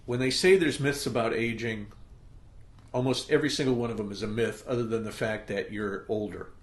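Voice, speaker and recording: A man's voice: medium pitch, fairly even intonation, fairly quick. Emphatic motivational man in an echoey room. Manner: emphatic, pep-talk delivery with frequent "okay?" check-ins. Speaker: podcast host. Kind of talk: motivational podcast monologue.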